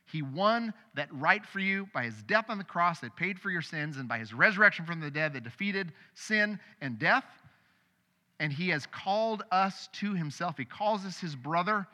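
A middle-aged man preaching a sermon as pastor, conversational and animated, with sudden loud bursts. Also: sits high, normal speed. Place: church sanctuary. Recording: long hall reverb.

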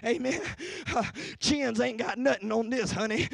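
A young adult man preaching a sermon, shouting in rhythmic bursts and dropping to hushed near-whispers. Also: extremely high pitch, gravelly, no echo. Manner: drops to a hushed near-whisper in slow passages.

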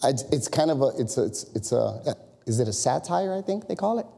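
A man preaching a sermon as pastor, animated and conversational, full of rhetorical questions. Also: medium pitch, a little fast, gravelly, long reverb tail.

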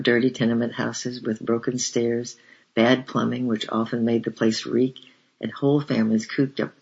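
Gravelly, husky male audiobook narrator. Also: medium pitch, muffled recording. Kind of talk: reading a memoir aloud.

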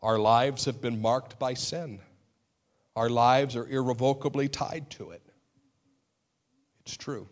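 A man's voice: medium pitch, steady tone, takes it slowly, pauses often. Male pastor, middle-aged, earnest sermon delivery that bursts out emphatically, wry about himself. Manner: earnest, with sudden emphatic outbursts and self-deprecating humor.

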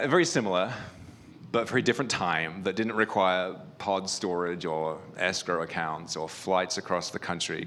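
A man's voice: low voice, a bit bright. A man giving a conversational sermon at a church retreat, telling personal stories with a self-deprecating, humorous touch and plenty of fillers. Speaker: pastor.

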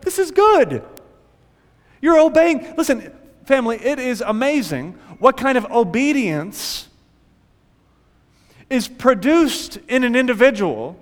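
A male pastor preaching an animated sermon, acting out panicked prayers along the way. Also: very high-pitched, big-room sound.

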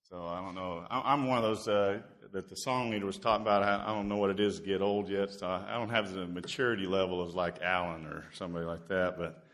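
A man's voice: sits low, steady tone, quick pace, fairly bright tone. Older man, folksy guest preacher. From Indiana. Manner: self-deprecating storyteller, many "uh" fillers. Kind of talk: folksy sermon opening. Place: church sanctuary.

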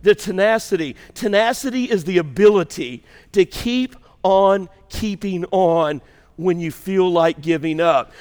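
A man preaching a sermon to his congregation, swinging between hushed storytelling and shouted emphasis. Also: high voice, measured pace, smooth. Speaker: pastor. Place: church sanctuary. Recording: reverberant church hall.

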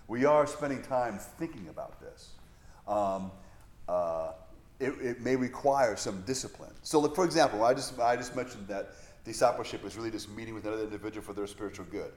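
A male pastor teaching a Bible study in a relaxed, conversational way, wandering into self-deprecating asides. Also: mid-range voice. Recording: echoey room.

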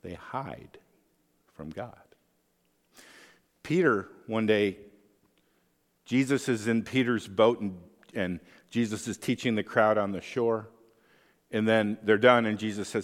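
A man's voice: fairly low pitch, unhurried, long pauses, in a large hall. A man preaching a sermon as pastor, conversational, often checking in with the listeners with tag questions.

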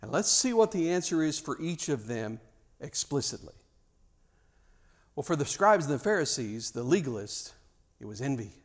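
A man's voice: a little high, sing-song, normal speed, pauses often. A man preaching a sermon, emphatic, with rhetorical questions and repeated words.

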